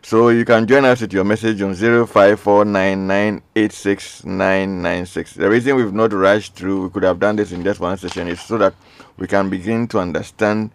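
Guy hosting a call-in radio show, real low gravelly voice, reads texts out earnest, dry studio sound. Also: steady tone, moderate pace, few pauses, dry recording. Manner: earnest, reads listener messages aloud, repeats pleas.

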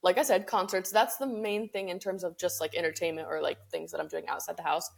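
A woman's voice: on the low side, fairly even intonation, quick pace, vocal fry. A young woman co-hosting a podcast, chatting casually with lots of "like" fillers and easy laughs. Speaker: podcast co-host. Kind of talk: casual chat.

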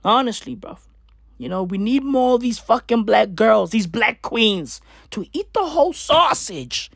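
A woman's voice: a little high, expressive, a little slow, vocal fry, no room sound, clean studio sound. A woman delivering a comedic news rant in a profane, slangy, rambling way that keeps circling back to the same tags. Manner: repeats filler tags.

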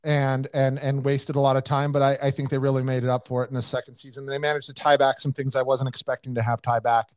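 A man's voice: medium pitch, level tone, fast talker, hardly any pauses, clear, resonant tone, dry recording. An American man co-hosting a casual podcast chat, rambling with lots of fillers and restarts. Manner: rambling, many fillers and restarts, laughs often. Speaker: podcast co-host.

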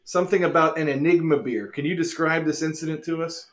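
A man's voice: fairly high pitch, quick pace. A man hosting a casual podcast, joking around in a mock sportscaster way and laughing often. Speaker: podcast host.

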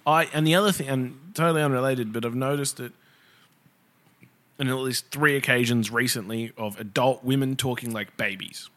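A man's voice: medium pitch, moderate pace, a bit bright. A man, co-hosting a podcast, ranting and swearing in casual banter. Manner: ranting, mocking impressions. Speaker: podcast co-host.

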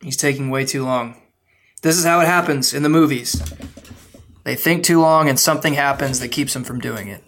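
A man co-hosting a podcast, chatting casually and giving short, relaxed guesses about the story. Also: medium pitch, normal speed, a little hiss or hum. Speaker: podcast co-host. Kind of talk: casual chat.

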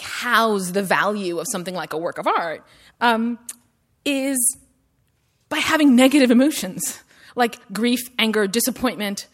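A woman's voice: a little high, a bit bright. A woman giving a university lecture in a conversational style, full of "like" and "right?" tags and rising emphasis on her questions.

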